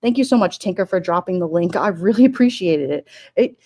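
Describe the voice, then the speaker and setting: A woman with a slightly low voice talks casually on a livestream. Her words ramble and loop back, full of feeling and on the edge of tears. She stops now and then to read chat comments aloud. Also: animated, fairly quick, a little mellow. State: emotional. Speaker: livestream host. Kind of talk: casual livestream memorial talk.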